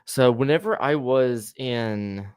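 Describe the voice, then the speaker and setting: A man who stutters now and then hosts a loose podcast chat, cursing freely and laughing between thoughts. His voice sits at an ordinary middle pitch. The sound is dry and close, with no room behind it. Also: takes it slowly, clean tone, no room sound. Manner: swears freely, laughs often. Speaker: podcast host.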